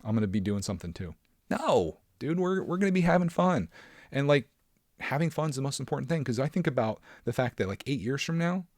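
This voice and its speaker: A man's voice: medium pitch, darkish tone, no room sound, clean studio sound. A man hosting his own podcast alone, talking casually in a rambling way with lots of fillers and self-deprecating asides. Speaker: podcast host. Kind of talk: casual solo podcast chat.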